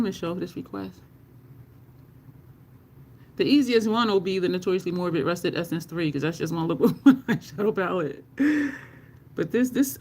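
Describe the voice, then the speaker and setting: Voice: medium pitch, darkish tone, slight background noise. A makeup livestream host chatting casually with viewers while applying makeup, laughing often and cursing now and then in conversation.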